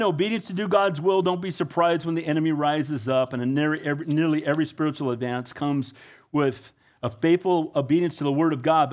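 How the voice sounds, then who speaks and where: A middle-aged pastor preaching a conversational, animated sermon, often asking his congregation "Amen?". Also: a little high.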